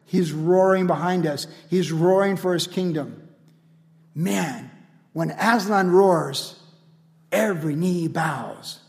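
A man preaching a sermon as pastor, energetic and casual, building repeated refrains. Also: high-pitched. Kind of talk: radio sermon. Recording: long hall reverb.

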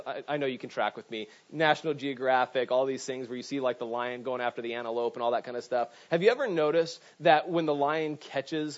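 Pastor, male, middle-aged, animated sermon delivery, slightly high voice, dull lo-fi recording. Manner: animated storytelling with frequent "right?" asides. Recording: dull lo-fi sound.

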